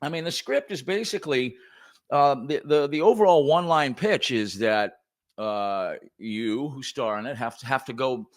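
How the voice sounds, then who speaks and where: A man's voice: mid-range voice, normal speed. A man hosting a podcast who runs the talk and reads script narration aloud, with frequent stammering restarts. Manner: lively, directs the conversation, stammers on restarts. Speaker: podcast host. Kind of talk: casual podcast chat, reading script narration.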